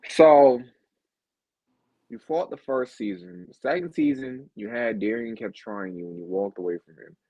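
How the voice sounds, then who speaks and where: Playful teasing host guy, husky low voice, dry dull lo-fi sound. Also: measured pace, dry recording. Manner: teasing, playful, animated, acts out quotes. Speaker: interviewer, host. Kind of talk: casual interview chat.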